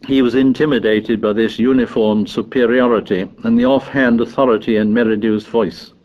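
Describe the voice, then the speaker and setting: A man narrating a novel in a measured, even storytelling voice. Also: on the low side, dull audio. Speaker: audiobook narrator.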